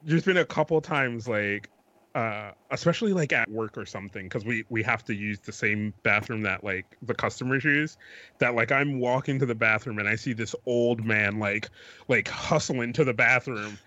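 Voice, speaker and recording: A man co-hosting a podcast, telling stories in casual chat with halting restarts. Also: mid-range voice, bright, forceful tone, no room sound, muffled recording. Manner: halting, many restarts, laughs through stories. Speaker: podcast co-host.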